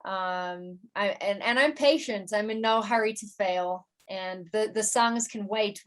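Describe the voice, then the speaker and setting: A woman musician and producer chatting in an interview, often restarting her sentences with fillers. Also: mid-range voice. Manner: halting, many restarts and fillers. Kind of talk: casual interview chat.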